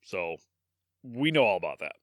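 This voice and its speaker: A man with a Midwestern accent, hosting a casual history podcast, telling the story in an animated way, swearing and laughing. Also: low-pitched, moderate pace, dry recording, studio quality. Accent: Midwestern American. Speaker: podcast host.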